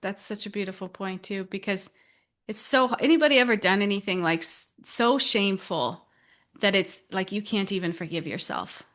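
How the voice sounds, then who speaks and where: A woman's voice: mid-range voice, normal speed, fairly bright tone. A woman leading a spiritual podcast discussion, talking in a reflective, encouraging way with frequent fillers. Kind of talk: casual group discussion.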